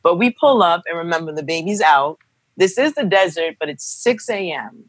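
A young woman casually telling a dramatic personal story, animated and acting out the voices of the people in it. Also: on the low side, moderate pace, no room sound. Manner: animated, acts out quoted voices. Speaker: guest telling a birth story.

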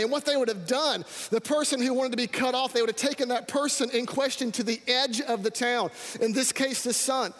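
A man preaching a sermon as pastor, energetic and calling out to his congregation. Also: very high-pitched. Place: church sanctuary. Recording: reverberant hall.

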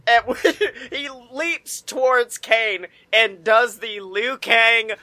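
A man with a bright, forward voice chats loosely on a podcast, cursing and laughing as he recaps scenes. His delivery is animated and crude, like a friend venting about a terrible film. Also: very high-pitched, takes it slowly. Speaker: podcast co-host. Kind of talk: casual movie review chat.

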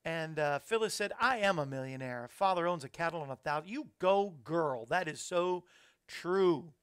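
Speaking at normal speed with a clean, animated tone on the high side, this live-stream host reads out viewers' comments and tosses in cheerful asides. He's in a small, hot-lit studio using a studio mic.

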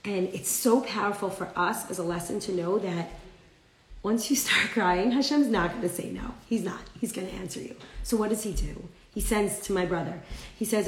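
A woman's voice: medium pitch, normal speed, echoey room, slight background noise, poor audio. A woman teaching a live-streamed class, telling a story with animation and acting out the characters' lines. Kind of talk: live-streamed class, reading viewer comments.

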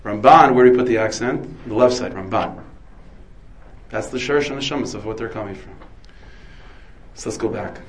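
A man's voice: lowish voice, fast, a little mellow, poor audio. A man, a rabbi, giving a Torah lecture full of Hebrew terms, asking and answering his own questions. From United States. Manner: dense with Hebrew and Yiddish terms.

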